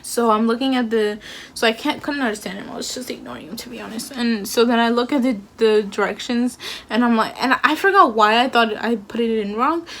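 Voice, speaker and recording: A woman's voice: fairly high pitch, fairly quick, a bit bright, a little hiss or hum. A young woman telling a storytime with lots of slang and fillers, acting out the dialogue. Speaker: vlogger. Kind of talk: casual storytime.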